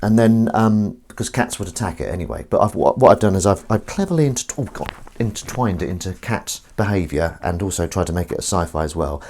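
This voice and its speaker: A man talks casually in his kitchen while washing up, wandering off topic and poking fun at himself. His pitch swings up and down freely as he chats and coos at a cat. The faint clatter of dishes and cutlery sits behind him. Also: lively intonation, a little fast, darkish tone, a little hiss or hum. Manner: rambling, self-mocking, coos at his cat. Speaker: live streamer. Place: home kitchen. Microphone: desk microphone.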